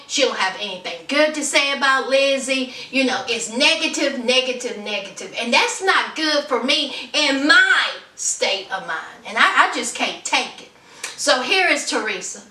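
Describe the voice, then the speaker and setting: A woman's voice: fairly high pitch, expressive, measured pace, sharp tone, echoey room, distant mic. A woman giving a casual, sassy recap of a reality TV episode, acting out the people she quotes and laughing often. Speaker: reality TV reviewer.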